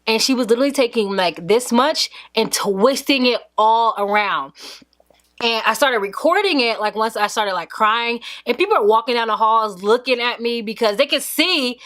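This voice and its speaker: A young woman tells a story from her school days in a casual, lively way. Her voice sits a little high, and she jumps in and out of the voices of the people she quotes. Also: normal speed. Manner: animated, acts out quotes of others. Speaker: vlogger.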